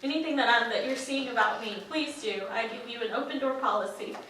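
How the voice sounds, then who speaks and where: A woman's voice: fairly high pitch, fast, heavy reverb, far from the mic, background noise. A woman in a church group giving an emotional, heartfelt testimony, close to tears. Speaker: church member sharing a testimony.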